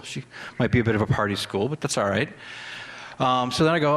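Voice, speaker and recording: A man doing a stand-up set at a comedy club, telling a story in a quick, chatty way. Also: medium pitch, fairly bright tone. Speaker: stand-up comic.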